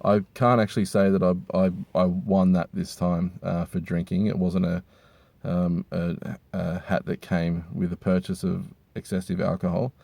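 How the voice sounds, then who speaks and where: A hungover man, rambling crudely and with deadpan humor while reviewing hats from inside a car. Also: low-pitched, moderate pace, creaky, no room sound. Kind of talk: casual rambling monologue.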